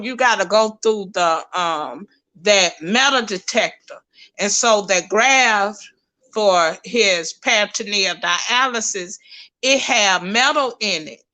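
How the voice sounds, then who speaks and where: A middle-aged woman, chatting with viewers on a livestream in a folksy, animated way. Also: fairly high pitch. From Texas, USA. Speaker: livestream host. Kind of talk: casual chat with viewers.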